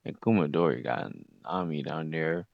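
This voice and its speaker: A young man casually recapping a story in heavy slang, jumping into loud shouted impressions of the characters. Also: rumbling low, normal speed, vocal fry. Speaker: anime recap host. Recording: slightly muffled lo-fi recording.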